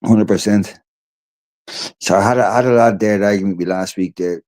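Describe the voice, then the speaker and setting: A man's voice: on the low side, moderate pace, darkish tone. A tired Irish man chatting casually on a livestream, rambling and swearing freely. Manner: rambling and profane. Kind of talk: casual chat.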